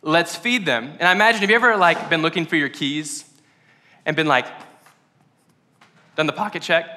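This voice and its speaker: A man's voice: fairly high pitch, fairly quick, pushed and bright. A man preaching in a casual, playful, conversational way on a podcast sermon. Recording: long hall reverb.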